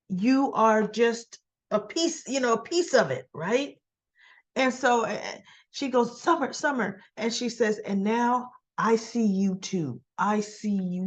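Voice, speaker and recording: A woman with a fairly high voice talks slowly and unhurriedly as she recaps a soap opera episode for her channel. She retells each scene in a casual chatty way, slipping into quick little voices for the characters' lines. It sounds like a home recording.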